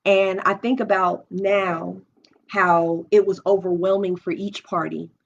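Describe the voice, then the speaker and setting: A young woman hosting a live stream at home speaks openly and with emotion about her own experiences, restarting often as she thinks aloud. Her mid-range voice is gravelly and steady at a measured pace. The dull lo-fi audio has slight background noise.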